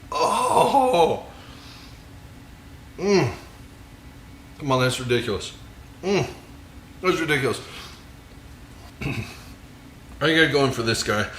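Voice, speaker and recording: Man, home cooking host, mid pitch, jokey and eager, roomy kitchen sound with a faint hiss. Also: a bit bright. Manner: jokey, enthusiastic, savoring food with murmured mms. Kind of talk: casual cooking vlog with tasting.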